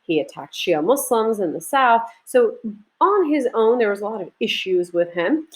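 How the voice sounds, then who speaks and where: A woman's voice: medium pitch, big pitch swings, moderate pace, rough recording. Casting: woman from Iraq, history teacher, chatty lecture delivery with asides, mid-range voice. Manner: conversational, with frequent restarts and asides.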